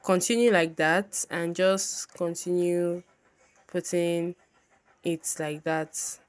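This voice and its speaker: A woman walks through a makeup tutorial in casual, chatty talk. Her voice sits fairly low, and she is bubbly and loops her instructions over and over. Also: fairly even intonation, slow pace. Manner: chatty, bubbly, repeats herself often.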